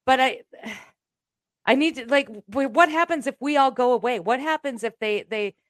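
Emphatic, halting woman with a high voice. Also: dry recording, clean studio sound. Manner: emphatic, halting, restarts often. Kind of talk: casual chat.

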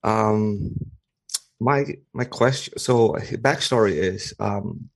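A man calling in to a podcast, speaking haltingly with many fillers. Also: fairly low pitch, vocal fry. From Philippines. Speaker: caller. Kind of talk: casual chat.

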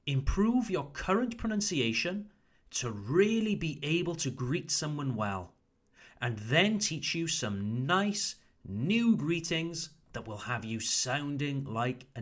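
A man teaching English in a podcast lesson, encouraging the listener and slowly modelling phrases for them to repeat. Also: a little high, very animated, a bit bright. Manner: encouraging, coaxing.

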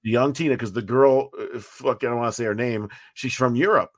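A man, a fan-film writer and producer, talking as a podcast guest in a rambling, profane, animated way, with many restarts. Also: mid-range voice, fairly quick, a little hiss or hum. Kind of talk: casual podcast interview.

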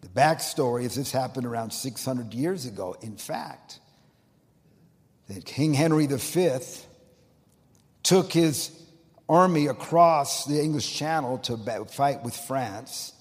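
A male pastor delivers a sermon in an emphatic, storytelling manner, rising to loud outbursts and dropping to near-quiet. His voice sits at an ordinary middle pitch for a man. It rings with the long reverb of a large church sanctuary. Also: animated, slow pace. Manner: emphatic storytelling, swinging between loud and soft.

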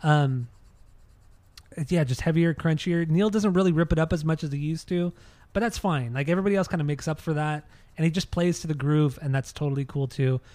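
A man's voice: fairly high pitch, fairly quick, darkish tone, dry recording. Laid-back rambling man, dry sound. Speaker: podcast co-host. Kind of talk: casual chat.

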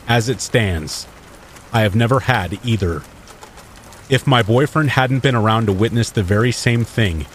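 Low-voiced man narrating horror stories. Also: a little hiss or hum. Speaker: podcast storyteller. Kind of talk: scripted horror story narration. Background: steady rain.

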